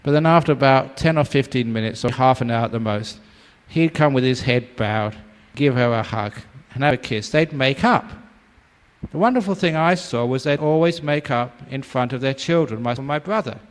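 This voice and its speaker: Speaking at a moderate pace in a medium pitch, this older English meditation teacher delivers a dharma talk full of playful storytelling. He laughs a lot and performs voices for the people in his tales, all ringing with the long reverb of a hall.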